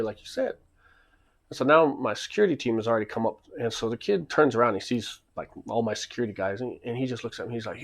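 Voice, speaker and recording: A man's voice: mid-range voice, quick pace, vocal fry. A man casually telling a rambling story, acting out the back-and-forth.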